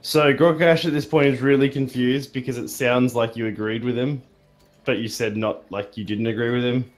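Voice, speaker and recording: A man's voice: mid-range voice, steady tone, normal speed. A man playing a tabletop game, explaining his character's reaction in a blunt, laid-back way. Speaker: tabletop player. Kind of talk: casual game chat.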